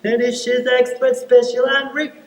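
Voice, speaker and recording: A man's voice: very high voice, level tone, normal speed. A man playing a remorseful, tearful male faun in a stage play, talking wistfully and pleadingly. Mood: anguished. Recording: echoey stage hall from far off.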